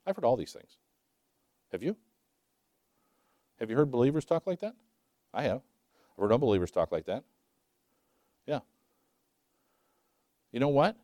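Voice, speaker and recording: A preaching man in his sixties who asks rhetorical questions and swings between loud emphasis and hushed asides. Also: medium pitch, sing-song, measured pace, long pauses, dry recording, studio quality. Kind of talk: sermon.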